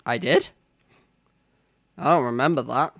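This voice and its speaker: A man's voice: medium pitch, a little slow, gravelly, a bit bright, dry recording. A man reading the lines of a grandiose young self-styled mad scientist, pompous and theatrical. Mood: dismissive. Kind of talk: reading a visual novel aloud.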